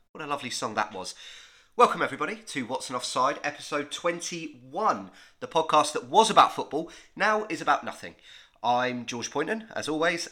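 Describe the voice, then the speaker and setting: A man's voice: medium pitch, pushed and bright. A man hosting a podcast who jokes and teases his co-host in casual chat. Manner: jokey, teasing.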